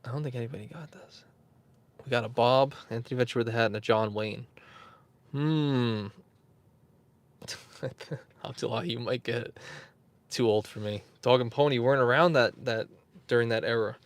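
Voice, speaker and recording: A man's voice: mid-range voice, moderate pace, long pauses, no room sound. Chuckling male livestream host, dry sound. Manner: rambling, chuckling, answering chat. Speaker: YouTube host. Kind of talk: casual livestream chat, quizzing viewers.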